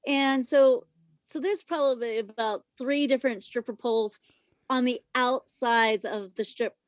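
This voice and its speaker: A young adult woman, a podcast guest, telling a story casually in an animated, profane way, loud when she quotes herself. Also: a little high, measured pace, no room sound, studio quality. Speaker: podcast guest, former stripper.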